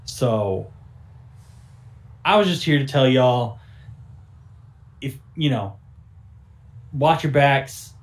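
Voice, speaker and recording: A man's voice: mid-range voice, animated, drawn-out words, pauses often. A man voicing a wary middle-aged male gang member who rambles in a folksy drawl. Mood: uneasy.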